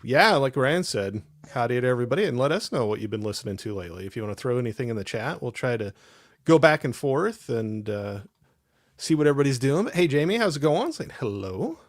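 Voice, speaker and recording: A man's voice: medium pitch, very animated, fast talker, no echo, clean studio sound. Chatty man laughing through a livestream. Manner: rambling, laughs often, reads chat aloud. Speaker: host. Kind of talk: casual livestream chat.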